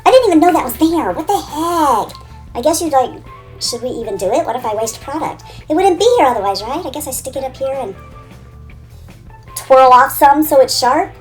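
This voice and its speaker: Giggly high-voiced woman vlogger. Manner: giggly, talks to herself and objects. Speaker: beauty vlogger. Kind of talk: playful outtake chatter.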